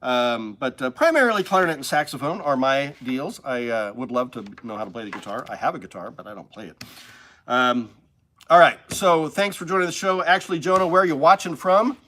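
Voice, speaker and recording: A man's voice: medium pitch, fairly quick, a bit bright. A man hosting a casual live stream, talking enthusiastically and emotionally while chatting with viewers. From Missouri Ozarks. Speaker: livestream host. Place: indoors with a shelf.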